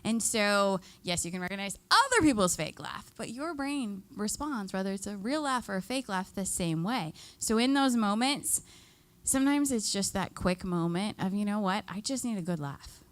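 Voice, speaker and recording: A woman's voice: medium pitch, lively intonation, moderate pace, dry recording. A woman giving a live workshop to seniors, chatty and upbeat, leading the group through exercises and laughing often. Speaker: extension educator.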